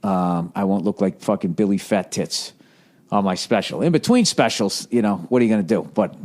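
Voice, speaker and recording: A man's voice: fairly low pitch, lively intonation, moderate pace, a little mellow. Rambling, profane male podcast host. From United States. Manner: rambling, profane, self-mocking. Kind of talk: casual monologue.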